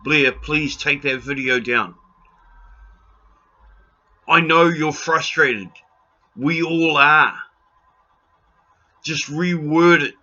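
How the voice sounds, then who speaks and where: A man's voice: fairly high pitch, extremely slow, pauses often, pushed and bright, lo-fi sound. A New Zealand man in an impassioned rant to camera, blunt and pleading, raising his voice and swearing freely. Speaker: video blogger.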